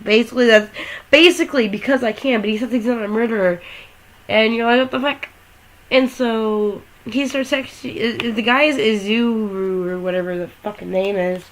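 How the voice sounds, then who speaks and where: A woman's voice: a little high, steady tone, moderate pace, rough recording. Young woman rambling while lying down. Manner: rambling, swearing, jokey. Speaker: gaming vlogger. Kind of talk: casual game commentary. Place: her bedroom, lying down.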